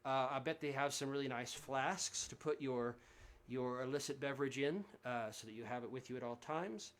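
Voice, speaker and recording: A man's voice: mid-range voice, moderate pace, a bit bright. A man, a singer-songwriter from Central Texas, chatting casually between songs during a livestream concert from home, rambling and friendly with plenty of fillers and restarts. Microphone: livestream setup.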